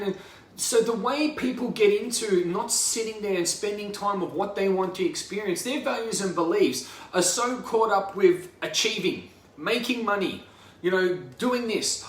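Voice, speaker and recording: A high-voiced Australian man rambles through a profane motivational talk. He sounds set back from the mic, and his voice rings around an echoey room. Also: moderate pace. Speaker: life coach. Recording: roomy echo from a distance.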